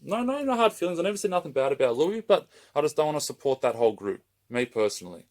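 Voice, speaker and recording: A man's voice: on the high side, very animated, quick pace, a little mellow. A man running a raffle page, delivering a heated, rambling open-letter rant straight to camera and swearing constantly.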